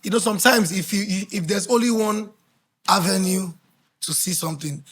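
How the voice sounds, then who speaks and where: An easygoing man guest in his thirties chats at a relaxed, wandering pace. His voice is husky and sits a bit high, and he circles his points loosely. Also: moderate pace. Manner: easygoing, rambling. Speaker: guest singer. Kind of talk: casual interview chat.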